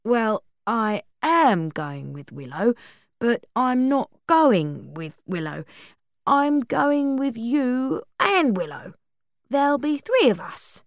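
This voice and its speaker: A woman's voice: high-pitched, lively intonation, slow pace, no echo, clean studio sound, voice pushed up. A woman voicing a nervous, jokey teenage boy who over-explains things. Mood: explaining.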